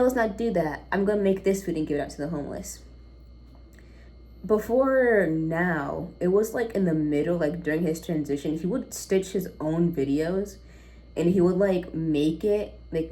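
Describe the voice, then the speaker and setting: A woman's voice: sits low, dark tone. A young woman ranting casually in an unscripted vlog, blunt and profane, drifting off topic. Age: young adult. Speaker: vlogger.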